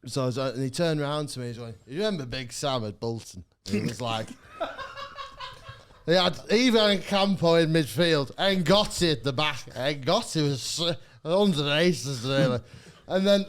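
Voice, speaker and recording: A man's voice: a little high, lively intonation, normal speed. A man co-hosting a podcast, telling a rambling anecdote full of restarts and swearing. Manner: rambling with fillers and restarts, swears, laughs mid-sentence. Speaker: podcast co-host.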